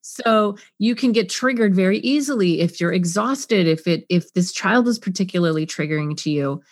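A middle-aged woman talking as a parenting coach on a podcast, expressive, acting out scenes and asking rhetorical questions. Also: lowish voice, normal speed, no echo, clean studio sound. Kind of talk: podcast guest conversation.

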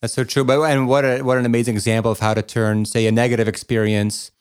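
A man co-hosting a talk show, reflective and affirming, with halting restarts. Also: mid-range voice, flat delivery, clear, resonant tone. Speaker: co-host. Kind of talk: casual chat.

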